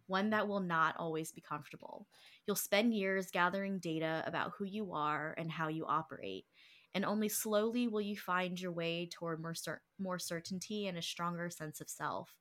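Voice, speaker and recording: A young woman hosting a book club chat, reading quotes aloud, laughing and getting emotional as she talks. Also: lowish voice. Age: young adult. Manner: emotional, warm-hearted, laughs often, reads quotes aloud. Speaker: book club podcast host. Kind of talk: casual chat.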